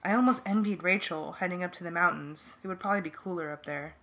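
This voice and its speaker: A woman reading a first-person novel aloud as an amateur audiobook, in a plain, steady manner. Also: on the low side, fast talker. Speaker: audiobook reader.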